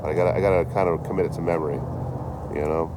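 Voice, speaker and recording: A man's voice: sits low, fairly even intonation, very fast, background noise. A man chatting casually on a livestream, rambling and swearing, laughing often as he tells stories. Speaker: traveling livestreamer.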